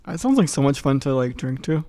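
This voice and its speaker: A man's voice: mid-range voice, very animated, a little fast, dark tone, dry recording, clean studio sound. A man co-hosting a podcast in casual chat, joking and self-deprecating. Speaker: podcast co-host.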